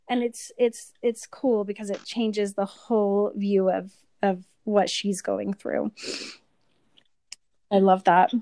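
A woman's voice: mid-range voice, flat delivery, slow, warm tone, no echo. A woman chatting as a podcast co-host and stage performer, telling a story in a gushing, rambling way with many fillers. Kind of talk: casual chat.

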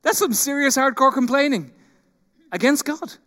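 A man preaching a sermon as pastor, animated, acting out quoted complaints and then dropping into quiet intensity. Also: high voice, normal speed. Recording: long hall reverb.

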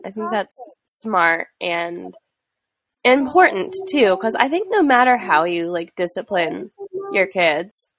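A woman's voice: medium pitch, big pitch swings, slow pace, a bit bright, no echo. A young woman and parent chatting casually about discipline, thinking aloud with hesitant phrasing and many fillers. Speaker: parent in a conversation. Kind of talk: casual chat.

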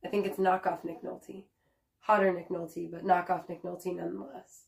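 A woman's voice: fairly low pitch, level tone, normal speed, creaky. A woman co-hosting a podcast in casual chat, rambling and swearing with frequent laughs. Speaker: podcast co-host.

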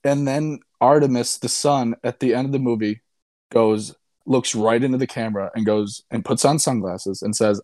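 A man's voice: mid-range voice, moderate pace, darkish tone, dry recording, clean studio sound. Rambling, sarcastic young man. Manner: rambling, profane, sarcastic recap. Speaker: podcast co-host reviewing a movie. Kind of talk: casual chat.

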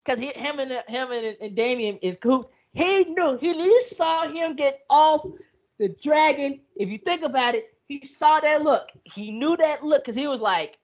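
A woman's voice: high-pitched, expressive, unhurried. A woman co-hosting a casual podcast, acting out what characters say, swearing freely and laughing often as she tells the story. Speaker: podcast co-host. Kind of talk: casual chat.

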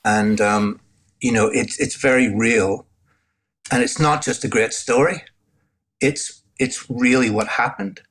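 An older man from Northern Ireland, speaking with that accent, shares his personal testimony as an interview guest, earnest and reflective, often restarting his sentences. His husky voice is medium-pitched and fairly bright, with a measured pace.

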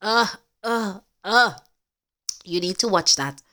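A woman's voice: mid-range voice, takes it slowly, bright, forceful tone. A woman hosting a podcast, giving an earnest, emphatic faith-based talk straight to her listeners. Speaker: podcast host.

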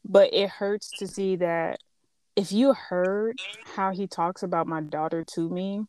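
A young woman hosting a casual chat, talking candidly and telling animated stories in which she quotes other people. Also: on the low side, unhurried, smooth.

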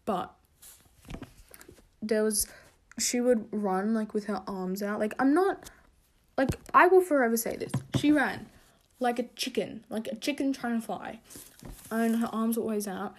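A young woman hosting a casual podcast rant, rambling with many fillers and self-corrections, getting animated as she tells a story. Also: measured pace, pauses often. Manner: animated storytelling, pitch jumping when excited. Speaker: podcast host.

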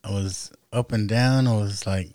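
A man in casual chat, soft-spoken and trailing off as he talks. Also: lowish voice, fairly even intonation, measured pace, no room sound.

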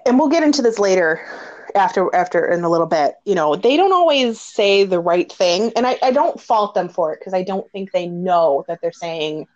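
A woman hosting a casual conversation, telling stories with lots of laughter and animated quoted dialogue. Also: lowish voice, moderate pace. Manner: animated storyteller, laughs often. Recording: dull lo-fi audio.

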